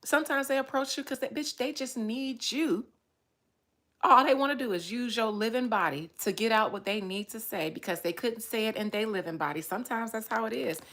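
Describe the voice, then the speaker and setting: A woman psychic talking casually on a livestream, profane and animated, breaking into laughter often. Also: a little high, fairly quick.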